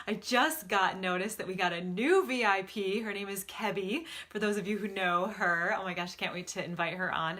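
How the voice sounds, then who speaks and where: A woman's voice: medium pitch, fairly bright tone. A woman hosting a live stream as a spiritual advisor, greeting viewers in a gushing, effusive way and repeating her words over and over. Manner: bubbly, exclaims often.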